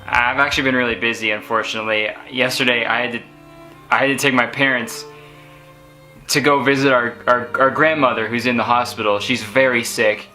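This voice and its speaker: A man's voice: medium pitch, steady tone, fairly quick, bright, forceful tone, soft background music, close to an everyday voice, poor audio. A man playing a flustered young man who stammers out rambling excuses in a comedy skit.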